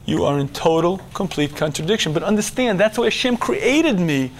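A middle-aged man giving a religious lecture to men, animated, dropping to a hush and then shouting as he acts out inner voices. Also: high voice, moderate pace, slight background noise. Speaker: religious teacher. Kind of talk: lecture to a men's audience.

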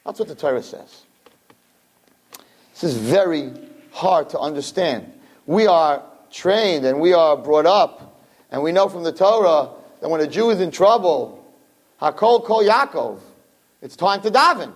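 A man giving a Torah class to a room of listeners, reading Hebrew verses and translating them, animated and acting out the dialogue. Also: moderate pace, husky. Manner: animated, acts out dialogue with big pitch swings. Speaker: Torah teacher. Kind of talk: Torah class lecture to a live audience.

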